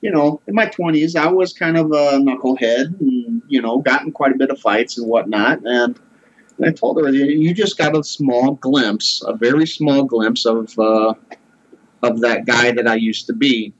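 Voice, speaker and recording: A man's voice: mid-range voice, normal speed, muffled recording. A man in his forties earnestly telling a personal story in a casual conversation. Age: 40s. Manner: earnest, heartfelt.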